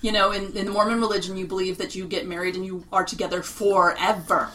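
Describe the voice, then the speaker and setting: A chatty woman co-hosting a podcast, often restarting her sentences. Her voice has a bright, sharp edge. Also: mid-range voice, little pitch movement, fast, a little hiss or hum, low-quality recording. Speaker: podcast co-host. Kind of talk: casual chat.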